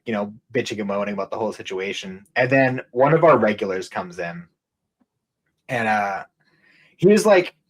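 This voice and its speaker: A man's voice: fairly low pitch, low-quality recording. Rambling, profane young man telling stories. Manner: rambling, profane, laughing often. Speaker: podcast co-host. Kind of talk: casual chat, storytelling.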